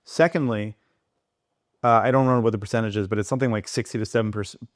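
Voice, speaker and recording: A man speaking as a podcast guest, animated and digressive, talking in quick bursts. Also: lowish voice, no room sound, clean studio sound. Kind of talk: conversational interview.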